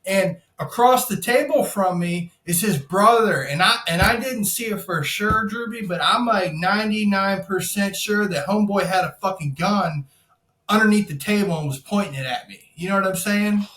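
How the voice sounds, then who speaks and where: A man's voice: high voice, normal speed, reverberant. A man telling a wild story on a podcast, swearing a lot and acting out what people said. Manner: profane, animated storytelling, acts out quotes. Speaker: podcast guest, insurance broker. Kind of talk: casual storytelling.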